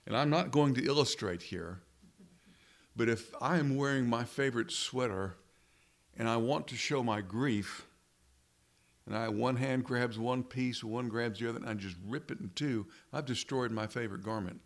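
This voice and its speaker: Male pastor, mid-pitched, conversational sermon delivery, leans on rhetorical questions and slowed emphasis.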